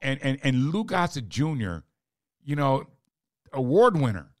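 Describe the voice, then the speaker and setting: A man's voice: medium pitch, sing-song, a little slow, no echo, studio quality. A man hosting a casual interview, telling stories in a reflective, emphatic way about directing. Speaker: host, writer and director.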